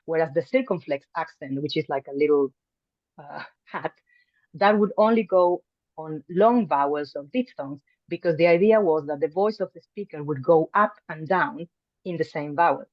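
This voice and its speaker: A woman's voice: sits low, normal speed, no room sound. A woman teaching an online language class in a friendly, chatty way, full of ums and restarts. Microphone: video call mic. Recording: dull, dry video call audio.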